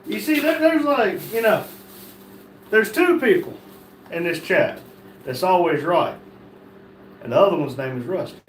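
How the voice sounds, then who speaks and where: A man co-hosts a casual livestream, dropping in short joking remarks. His voice is high for a man and sits back from the mic. The room is echoey. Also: lively intonation, measured pace, long pauses, recorded from a distance, slight background noise. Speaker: livestream co-host. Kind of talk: casual chat. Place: indoor room.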